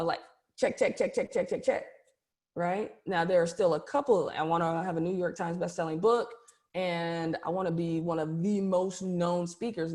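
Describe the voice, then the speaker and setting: A middle-aged woman, a keynote speaker and coach from the United States, tells a personal story over a video call in an emphatic, animated way and often checks in with her listeners. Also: mid-range voice, vocal fry.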